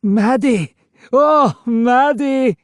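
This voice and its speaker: A man's voice: extremely high pitch, very slow, no echo, studio quality, pitched above the performer's own voice, exaggerated voice. A man doing an anguished old ghost crying out. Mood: joyful. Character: anguished old male ghost, grief-stricken.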